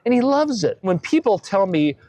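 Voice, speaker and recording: A man's voice: sits high, sing-song, normal speed, a little mellow, slight background noise. A man, an architect, answering interview questions in an earnest, emphatic way. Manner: earnest and emphatic, tells anecdotes with voiced quotes.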